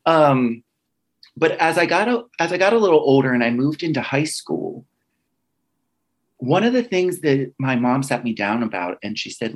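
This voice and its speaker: A man with a slightly husky voice tells a personal story in a relaxed, conversational way. He slips into the voices of the people he quotes and often restarts his sentences with fillers. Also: mid-range voice, moderate pace. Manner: animated, acts out quoted dialogue with restarts and "like" fillers.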